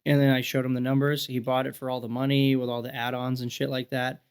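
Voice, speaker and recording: Gravelly man telling stories, swearing freely. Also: medium pitch, quick pace. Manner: profane, animated storyteller acting out quotes. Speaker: podcast guest. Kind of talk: casual storytelling chat.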